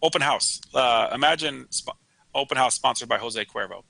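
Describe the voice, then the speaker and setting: A man's voice: mid-range voice, normal speed, gravelly, bright, forceful tone, no echo, rough recording. A man co-hosting a casual real estate talk show, joking and laughing often. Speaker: co-host. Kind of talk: casual banter.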